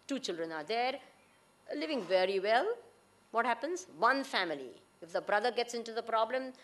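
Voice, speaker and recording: Speaking to an audience, this Indian-accented woman uses a voice on the higher side with a fairly bright tone. Her lecture is peppered with questions for the crowd and bits of Hindi and Gujarati.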